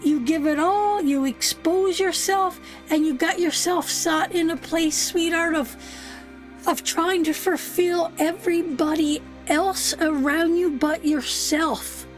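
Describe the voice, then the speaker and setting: A woman's voice: very high-pitched, steady tone, slow, faint music behind. A woman giving a live tarot reading. She is soothing and emphatic, keeps calling the listener sweetheart, and swears now and then. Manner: soothing, repeats "sweetheart" often, emphatic and earnest. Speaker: tarot reader.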